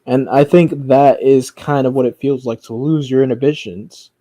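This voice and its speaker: Man, rambling casual commentary, lots of swearing and fillers, mellow tone, dry sound. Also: mid-range voice, steady tone, normal speed, dry recording. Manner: rambling, profane, frequent fillers and restarts. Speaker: commentary streamer.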